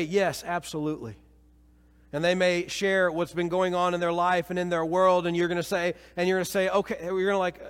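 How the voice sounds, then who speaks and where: A man preaching a sermon as pastor, swinging from emphatic peaks to quiet low passages. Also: flat delivery, brisk, clean tone. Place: church sanctuary. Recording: long reverb of a church hall.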